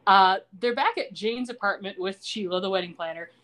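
A woman with a mid-range voice talks fairly quickly as she hosts a podcast, recapping a TV episode in casual chat. Her storytelling is animated, and she acts out the characters' quoted lines.

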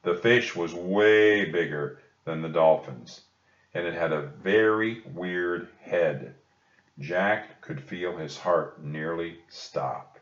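Slow, low-voiced man reading to kids. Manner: gentle and reassuring to children. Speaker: storybook reader. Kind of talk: reading a children's book aloud. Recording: dull echoey room recording.

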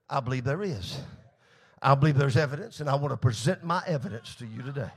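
A man preaching an impassioned sermon as pastor, often shouting out his lines. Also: high voice, animated, a little fast.

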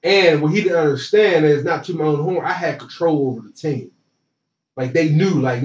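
Animated man telling slangy stories. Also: a little high, a little fast. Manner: animated, slangy, acts out quotes. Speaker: former college football player. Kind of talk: casual storytelling. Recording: roomy, distant and dull.

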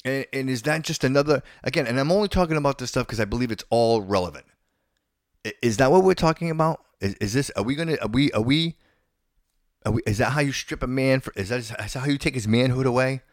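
A man's voice: medium pitch, quick pace, no room sound. Man, podcast host, indignant rant, stammering restarts, dry close sound. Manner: stammering, repeats words and restarts phrases; opinionated and indignant. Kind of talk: casual opinion rant.

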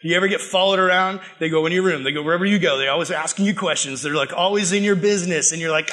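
Young man, youth preacher, high voice, casual sermon, animated, joking. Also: very fast, hardly any pauses. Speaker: youth pastor.

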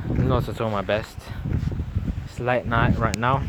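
A man's voice: mid-range voice, a little slow. A young man in his late teens hosting a solo motivational podcast from home at night, talking in an earnest, rambling and encouraging way. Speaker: podcast host. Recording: steady background noise.

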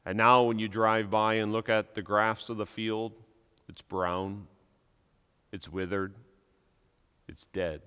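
A man's voice: on the low side, steady tone, slow, pauses often, pushed and bright, smooth. A man preaching a sermon as pastor, earnest and emphatic, with frequent repetitions. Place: church sanctuary. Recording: long reverb of a church hall.

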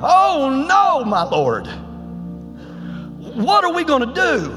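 A man's voice: sits high, expressive, takes it slowly, soft background music. A man voicing a frightened young male servant who pleads frantically, heard in an echoey church hall. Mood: panicked.

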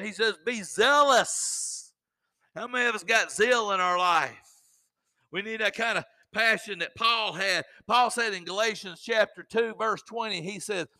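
A man's voice: high voice, sharp tone. A man preaching a sermon in a fervent, exhorting way with folksy asides.

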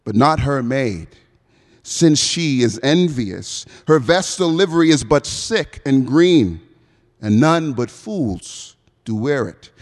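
Romeo, ardent young male lover, man reciting, semi-Bahamian American accent, slow stagey delivery, big echoing hall. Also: a little high. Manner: dramatic stage recitation with long pauses. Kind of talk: Shakespeare recitation within a sermon.

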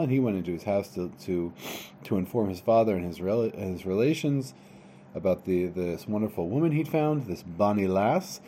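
A man's voice: fairly low pitch, expressive, normal speed, warm tone, a little hiss or hum. Casual man translating a told tale. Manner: casual, restarts phrases, adds asides. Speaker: storyteller. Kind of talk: reading a Hebrew tale aloud and translating it into English.

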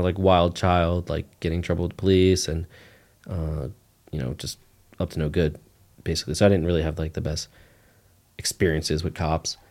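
A man sharing a personal testimony as a guest in a casual, rambling way, full of "like" fillers. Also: low voice. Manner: relaxed, rambling, heavy use of "like" fillers. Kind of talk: casual storytelling interview.

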